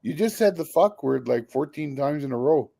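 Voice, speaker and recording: A man with a somewhat raised pitch and a mellow, dark tone chats casually. He needles his co-host with deadpan, teasing jokes. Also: normal speed, vocal fry. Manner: dry, teasing joker. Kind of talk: casual chat.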